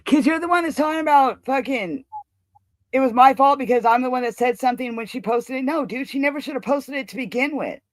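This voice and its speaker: A woman's voice: sits high, fairly quick, no echo. A woman hosting a livestream, talking bluntly and defensively, swearing often in heated casual chat. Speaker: livestream host.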